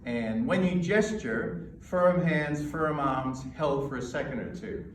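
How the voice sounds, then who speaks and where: An American man coaching an audience on presenting, emphatic and measured, pausing between points. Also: a little high, distant mic, a little hiss or hum. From United States. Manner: emphatic, with pauses and demonstrations. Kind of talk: lecture to a live audience. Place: lecture hall. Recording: echoey hall recorded from afar.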